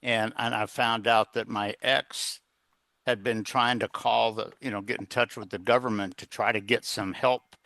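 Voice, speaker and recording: A man's voice: fairly low pitch, steady tone, normal speed, bright, forceful tone, dry recording. A middle-aged man telling a personal story as a guest in an interview, rambling, with plenty of fillers and restarts. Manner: earnest, plain-spoken. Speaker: guest, executive coach.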